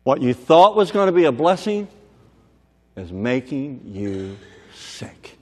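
A man preaching a sermon, dramatic and swinging from shouts down to near whispers, who keeps checking that the crowd is listening. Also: medium pitch, very animated, slow. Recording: long hall reverb.

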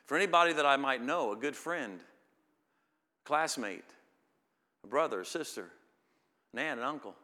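A middle-aged man preaching a sermon, reading scripture slowly and building to loud, emphatic peaks. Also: mid-range voice, lively intonation. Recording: long reverb of a hall.

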